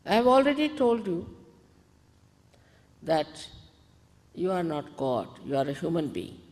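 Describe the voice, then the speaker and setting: A woman spiritual teacher giving calm, deliberate guided meditation instructions to an audience, in an archival recording. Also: fairly low pitch. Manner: calm, deliberate, gently commanding. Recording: archival talk in a reverberant hall.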